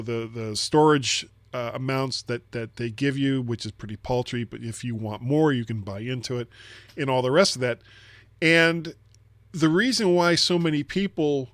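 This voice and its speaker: A man's voice: mid-range voice, no echo. A man co-hosting a casual tech podcast, explaining at length and often repeating words as he thinks. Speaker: podcast co-host.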